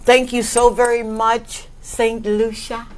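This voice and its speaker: Woman talk show host; slow, effusive delivery, frequent laughter, big emotional thank-yous. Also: on the high side. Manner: emotional, laughs often, animated shout-outs. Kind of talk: warm effusive interview talk.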